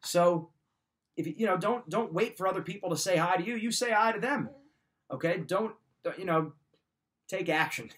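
A man's voice: high-pitched, normal speed, fairly bright tone. Man coaching in a direct, repetitive way. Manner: direct, coaching, repeats key points. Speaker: podcast host giving life advice. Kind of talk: motivational talk.

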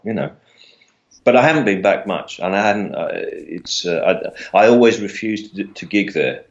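Laughing Mockney-accented man, low voice. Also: lo-fi sound. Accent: southern English, Mockney. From England. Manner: self-deprecating, laughs often, repeats words. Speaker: guest comedian. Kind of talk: casual interview chat.

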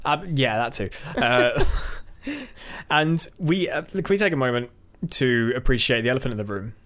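A man's voice: mid-range voice, sing-song, moderate pace, fairly bright tone. A young man in casual podcast chat, speaking into a desk microphone. He rambles, jokes, and restarts his sentences often. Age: young adult. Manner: rambling, jokey, many restarts. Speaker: podcast co-host. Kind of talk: casual chat about a TV show.

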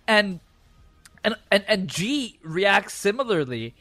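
Male co-host, higher-pitched, dry sound, excitable wrestling fan who swears freely. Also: takes it slowly, dry recording. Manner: excitable, acts out reactions with shouted quotes. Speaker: podcast co-host. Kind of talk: casual wrestling chat.

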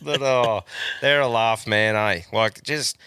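Laid-back podcast host, bright voice. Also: male voice, mid-range voice, slow, smooth. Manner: laid-back, laughs often, swears freely. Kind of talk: casual chat.

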